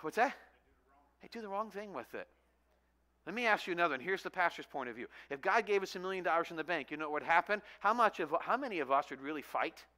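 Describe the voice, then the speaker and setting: A man's voice: sits high, expressive, quick pace, bright, forceful tone. A pastor giving a conversational sermon, reading scripture, praying, and telling stories to his congregation. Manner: conversational preaching with rising emphasis.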